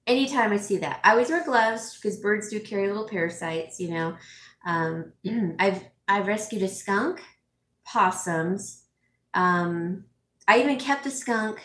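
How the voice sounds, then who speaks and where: Chatting casually with her viewers and reading their comments, a middle-aged home stager and vlogger grows emotional, sniffling through tears while laughing and using lots of fillers. She has a mid-range, fairly bright voice; the room echoes and there's slight background noise.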